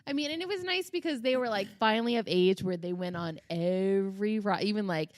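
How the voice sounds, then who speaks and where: A woman's voice: mid-range voice, a little fast, dry recording, studio quality. A woman in her thirties co-hosting a podcast, telling rambling, profane stories in casual chat and laughing often. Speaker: podcast co-host.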